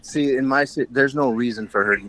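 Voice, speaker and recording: A man's voice: mid-range voice, brisk, pushed and bright, slight background noise. A man co-hosting a casual podcast chat, talking frankly and rambling with frequent laughs. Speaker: podcast co-host.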